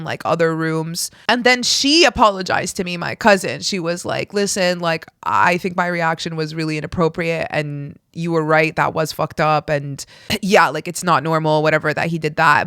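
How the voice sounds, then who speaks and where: Alone at the mic, this podcast host frankly recounts a personal story, swearing freely and performing the dialogue of the people in it. Her voice is on the low side, a bit bright and clean, captured with clean studio sound and no echo.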